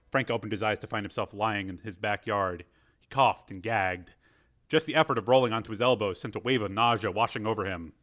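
A man reading a story aloud in a measured, expressive way. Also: fairly low pitch, faint music behind. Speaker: audiobook narrator. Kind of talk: scripted narration.

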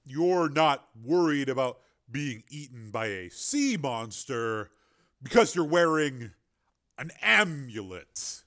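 A man's voice: medium pitch, lively intonation, slow, a bit bright. A man reading the lines of a frustrated man who curses while swimming in danger. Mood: exasperated. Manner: exasperated, cursing.

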